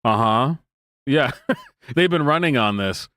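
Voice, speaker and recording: A man's voice: mid-range voice, animated, takes it slowly, fairly bright tone, no room sound, clean studio sound. A man in his thirties streaming live, reacting to clips with sarcastic, mocking commentary and frequent laughter. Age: 30s.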